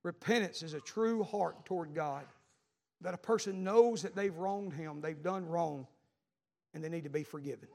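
Middle-aged male pastor, high-pitched, fervent, preaching in a reverberant church. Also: moderate pace, creaky. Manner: fervent, builds to shouting. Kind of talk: sermon. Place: church sanctuary. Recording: long hall reverb.

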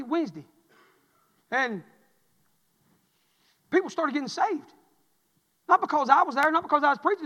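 A man preaching a revival sermon, building from quiet talk to shouting and calling for amens. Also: high voice. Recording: reverberant church hall.

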